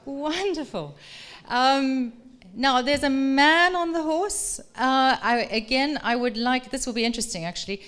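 A middle-aged woman speaks slowly and deliberately, her voice smooth and crisp as she addresses a live audience in a museum room. She reads aloud in an articulate, measured way and then turns to the crowd with engaging questions. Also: high voice, fairly bright tone. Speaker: professor giving a public talk.

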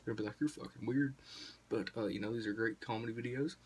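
A man's voice: fairly low pitch, little pitch movement, racing, slight background noise. A young man, telling a rambling, profane story to the camera in a casual vlog. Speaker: vlogger.

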